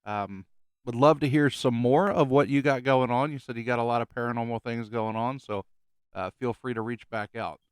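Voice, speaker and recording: A male podcast host thanking a listener and reading listener stories aloud in a steady, plain way. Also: medium pitch, moderate pace, smooth, dry recording, clean studio sound.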